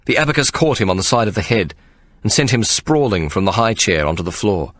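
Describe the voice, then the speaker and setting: Man, audiobook narration, low voice, animated intonation. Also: no room sound, studio quality. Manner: measured, expressive storytelling. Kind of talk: scripted narration.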